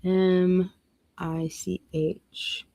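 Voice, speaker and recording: This is a woman hosting a relaxed livestream. She takes her time, drawing her words out while she reads weather forecasts aloud and chats directly with her viewers. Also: lowish voice, very slow, creaky. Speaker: livestream host. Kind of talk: casual livestream chat.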